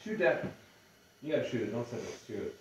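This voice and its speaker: A man's voice: mid-range voice, expressive, brisk, very echoey, far from the mic, background noise. A man trading dad jokes over drinks in casual, teasing banter, often laughing. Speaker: joke-telling drinking game player.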